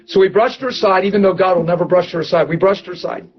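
A man preaching to a church audience, telling a story with lively laughter and excited outbursts. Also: sits high, fast, dull audio. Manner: animated, laughing, voice jumps up when excited. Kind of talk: storytelling sermon.

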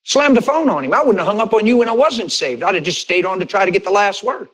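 A man's voice: fast talker, low-quality recording. A male pastor preaching a sermon, telling a personal story in a conversational way and acting out conversations with bursts of laughter. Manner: animated, re-enacts conversations with rising pitch and bursts of laughter; conversational, direct address to congregation.

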